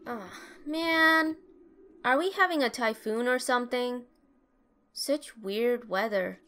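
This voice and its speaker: A woman's voice: a little high, takes it slowly, pushed and bright. A woman voicing a curious, chatty young girl in a fan game dub. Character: young girl waiting for her sister.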